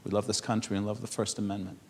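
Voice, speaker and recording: A man with a lowish voice who grew up in Europe speaks to an audience. He tells stories casually, laughing often and restarting his words. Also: level tone, fast talker, slight background noise. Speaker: speaker at a public panel. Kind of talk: conversational speech to an audience.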